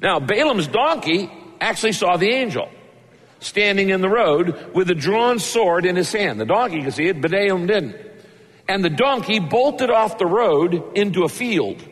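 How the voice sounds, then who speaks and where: A man's voice: sits high, slightly rough. Man preaching in an echoing hall. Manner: animated storyteller acting out characters' lines. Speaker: pastor. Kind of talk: sermon. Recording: long hall reverb.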